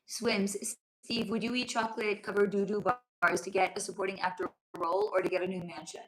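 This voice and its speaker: A woman hosting a casual livestream from home, reading viewer comments aloud, calling people honey and sweetie and swearing freely, her voice going hoarse. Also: medium pitch, fairly even intonation, fairly quick, fairly bright tone. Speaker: livestream host. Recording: roomy echo.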